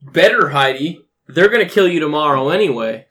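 A man's voice: fairly high pitch, expressive, fairly quick, fairly bright tone. A man playing a tabletop role-playing game, talking in character in a sarcastic, swearing way. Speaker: player.

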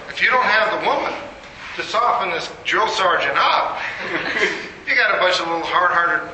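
A man's voice: sits high, pushed and bright. A man giving an interactive lecture, quizzing the audience and making joking asides. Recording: echoey room with noise.

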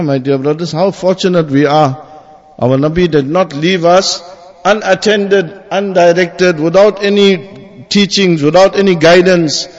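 High-voiced male preacher in an echoing hall. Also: a little mellow. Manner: repeats "my dear brothers" and asks "huh?" to the audience; recites Arabic verses fast, then translates. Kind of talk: Friday sermon. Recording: dull recording with long hall reverb.

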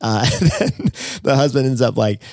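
A man's voice: mid-range voice, normal speed, no echo, studio quality. A man co-hosting a podcast, telling stories animatedly and acting out the people in them. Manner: animated storyteller, acts out quotes. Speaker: podcast co-host. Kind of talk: casual storytelling on a podcast.

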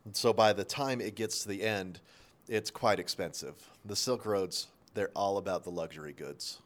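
Low-voiced male teacher, casual. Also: moderate pace. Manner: conversational, with self-corrections and asides. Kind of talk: casual classroom lesson. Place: local area near Salt Lake.

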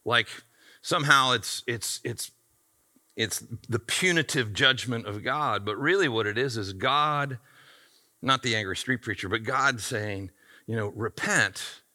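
A man's voice: medium pitch, measured pace, sharp tone. A man pastor delivering a sermon in an emphatic, conversational way.

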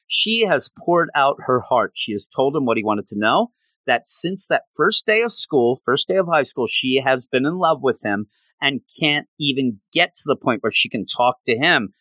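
Chatty male recapper, lively and bright, dry room. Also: mid-range voice, no echo. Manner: animated, chatty, gushing. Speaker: manga reviewer. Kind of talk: casual story recap.

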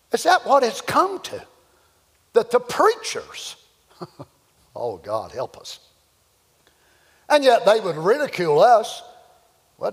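A man preaching a fervent, folksy sermon in a church, at times rising to shouts. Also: sits high, breathy edge. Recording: echoey church hall.

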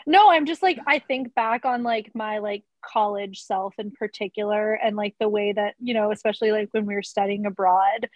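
A woman in casual podcast chat, animated and self-deprecating, with many filler words. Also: mid-range voice, moderate pace, few pauses, dry recording, poor audio.

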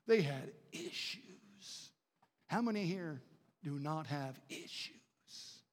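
A man from the Baltimore area preaching a sermon in a chapel, swinging from quiet asides to shouted declarations. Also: fairly high pitch, expressive, slow, long reverb tail.

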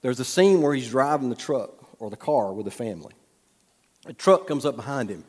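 A man preaching a sermon, telling folksy stories with humorous asides and dropping to a soft hush at times. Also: mid-range voice, expressive, a little fast, slightly rough. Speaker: pastor. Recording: long hall reverb.

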